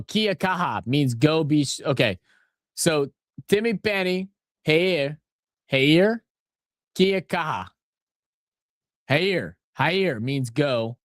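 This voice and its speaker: Swearing, rambling and excitable, a man with a New Orleans accent talks casually over a live match and tells stories as a watch-along host from New Orleans, USA. His voice is on the high side, recorded at studio quality with no echo.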